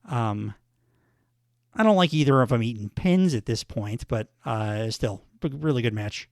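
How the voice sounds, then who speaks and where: A man's voice: medium pitch, expressive, measured pace, dry recording, studio quality. A man hosting a podcast, giving a casual, rambling recap of a wrestling show with plenty of fillers. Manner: rambling, filler-heavy commentary. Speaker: podcast host.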